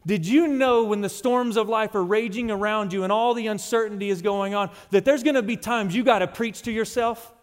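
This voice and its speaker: A man preaching a sermon as pastor, emphatic and slowing down on key phrases. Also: sits high. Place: church sanctuary. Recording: long hall reverb.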